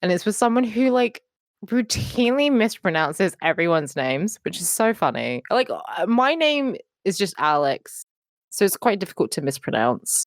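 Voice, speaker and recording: A woman's voice: on the low side, big pitch swings, moderate pace, dry recording. A woman co-hosting a podcast, chatting casually, swearing and acting out quotes in shifting voices. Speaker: podcast co-host. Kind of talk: casual chat.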